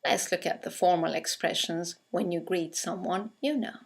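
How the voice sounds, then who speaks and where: A woman teaching English in a scripted lesson, speaking with clear, careful delivery as she reads out example phrases. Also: on the low side, moderate pace.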